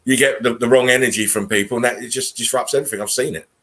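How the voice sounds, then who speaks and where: A man's voice: mid-range voice, fairly even intonation, racing, fairly bright tone. A man hosting a casual video call chat, rambling earnestly and swearing freely.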